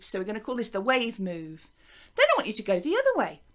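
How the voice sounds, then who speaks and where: A woman with an English accent teaching young children a music and movement lesson to camera, gentle and encouraging, chanting along with the actions. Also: mid-range voice, wildly swooping pitch, fast talker. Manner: gentle, encouraging, sing-song counting and chanting. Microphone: wearing a microphone.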